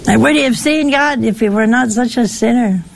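A woman giving a conversational sermon in a folksy way, asking her listeners rhetorical questions and jumping up in pitch for emphasis. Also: normal speed, gravelly. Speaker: preacher.

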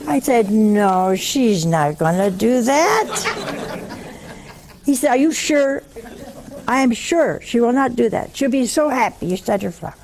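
A woman giving a storytelling sermon, folksy and humorous, slow and emphatic. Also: fairly high pitch, big pitch swings, a little mellow, a faint crowd. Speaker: religious preacher.

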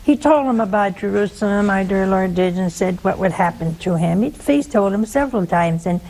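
A woman's voice: medium pitch, expressive, normal speed, mellow. A woman preaching a sermon, telling a story in a conversational way and asking the audience rhetorical questions.

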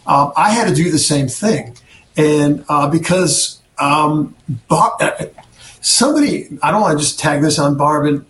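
A man co-hosting a podcast in a casual conversation, halting and searching for his words. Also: on the high side, expressive, a bit bright, echoey room, a little hiss or hum. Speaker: podcast co-host.

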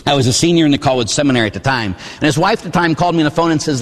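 Forties priest from pittsburgh, telling stories in a sermon, somewhat high voice, church reverb hanging on it. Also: male voice, rapid-fire. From Pittsburgh, USA. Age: 40s. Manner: animated storytelling with rhetorical asides.

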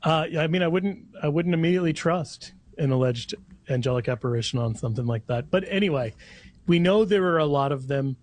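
A man's voice: fairly high pitch, lively intonation, fairly quick, a little mellow. A man who is a guest on a talk show, explaining scripture, reading passages aloud and laughing easily.

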